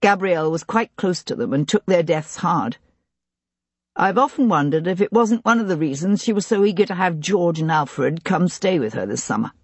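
Grieving, desperate gentleman in his thirties, husky and halting. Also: mid-range voice, animated, no echo. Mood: subdued. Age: 30s. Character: grieving young gentleman, brother of missing woman. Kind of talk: audiobook character reading.

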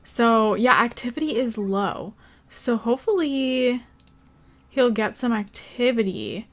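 A young woman hosting a gaming channel, giving casual, chatty gameplay commentary with gasps, giggles and lots of filler words. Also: fairly high pitch.

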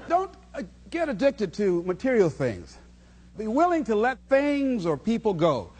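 A man's voice: high voice, very animated, unhurried, darkish tone, some chatter behind, slight background noise. A man giving a motivational speech in a preachy, rhythmic way, repeating key phrases. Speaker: motivational speaker.

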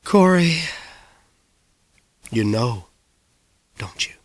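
A man's voice: mid-range voice, animated, drawn-out words, no echo, clean studio sound. A man voicing a worried middle-aged male small-town mayor who pleads and hollers after a boy. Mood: hushed, pleading.

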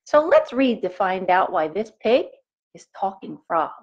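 Woman teacher reading to kids: slow, animated, patient explainer. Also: mid-range voice, lo-fi sound. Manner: expressive, pauses to explain to young listeners. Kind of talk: reading a picture book aloud to children.

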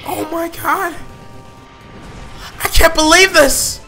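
Young guy reacting live, voice hoarse, super high and bright, yelling and cursing. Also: takes it slowly, soft background music. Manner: excitable, shouting and swearing. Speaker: video host reacting live.

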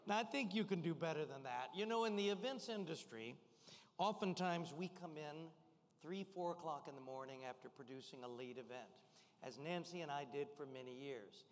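Energetic older man rousing a hall. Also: on the high side, moderate pace. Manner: energetic, rousing the crowd with call-and-response shouts. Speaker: guest speaker. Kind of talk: motivational keynote to a live audience. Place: large event hall. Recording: long hall reverb.

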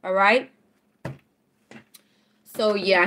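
A woman, chatting casually on a tarot livestream, teasing and animated, laughing often as she reads out chat. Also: fairly high pitch, measured pace, a little hiss or hum.

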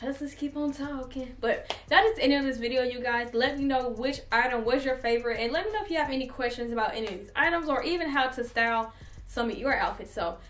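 A young woman chatting casually to her viewers in a try-on haul, animated and talkative. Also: high-pitched, fast, recorded from a distance, a little hiss or hum. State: has hiccups. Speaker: fashion vlogger. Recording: echoey room, voice away from the mic, faint music.

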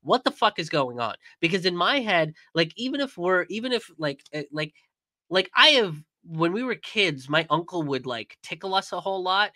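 A man's voice: high-pitched, lively intonation, normal speed, sharp tone, dry recording. Angry, swearing young man commenting. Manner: angry, profane, emphatic with many fillers. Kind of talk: live-stream commentary.

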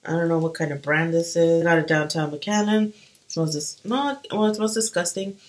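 As she does her makeup, a young woman vlogger talks animatedly and casually, using lots of fillers. The recording is low quality, and her voice runs on the low side at a slightly fast pace.

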